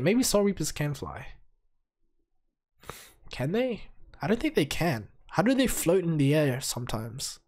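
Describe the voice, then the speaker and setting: Here a man with a medium-pitched voice reviews anime episodes in a loose, rambling way. He sounds sick and hoarse, yet stays excitable and swears a lot.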